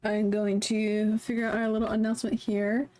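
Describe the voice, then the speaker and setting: A woman's voice: mid-range voice, little pitch movement, moderate pace, dark tone. A woman streamer chatting casually, rambling and playful, poking fun at herself. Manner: rambling, playful, self-mocking.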